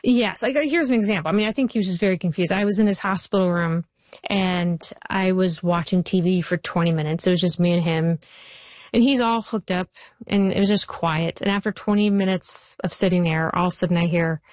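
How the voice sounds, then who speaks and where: Tv writer lady chatting in an interview, lively story-telling, lowish voice, dry close sound. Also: brisk, dry recording. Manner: animated, anecdotal storytelling. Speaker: television writer and showrunner. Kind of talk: interview conversation.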